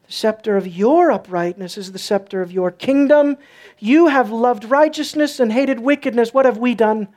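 A woman preaching a sermon, swinging from soft, low passages to loud, emphatic peaks. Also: moderate pace.

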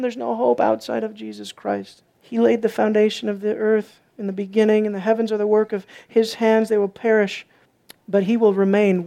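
A woman preaching a sermon, swinging from soft, low passages to loud, emphatic peaks.

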